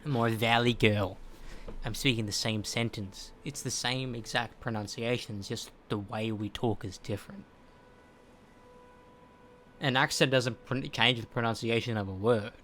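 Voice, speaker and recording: A man's voice: mid-range voice, fairly even intonation, a little slow, fairly bright tone, slight background noise. A man streaming, earnestly explaining a point in casual chat. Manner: explains earnestly, full of restarts.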